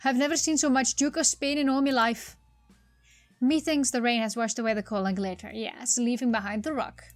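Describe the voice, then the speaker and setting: A woman's voice: on the high side, fairly even intonation, fairly quick, no room sound, faint music behind, lightly acted. A woman voicing a bumbling male police constable with a put-on Cockney accent, melodramatic and weepy, in a text game. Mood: apologetic. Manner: weepy, melodramatic, rhyming slang.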